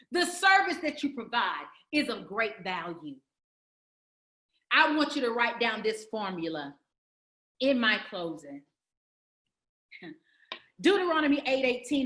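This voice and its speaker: A woman's voice: on the high side, fairly bright tone, reverberant. A woman giving a motivational speech to entrepreneurs, preacherly and emphatic, building through repeated phrases. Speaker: summit speaker.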